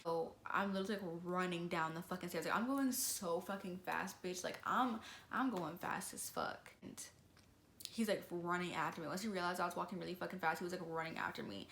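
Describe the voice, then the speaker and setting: A young woman telling a story to camera in a casual, slangy, animated way. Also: on the low side, quick pace, vocal fry, echoey room, a little hiss or hum. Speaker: vlogger.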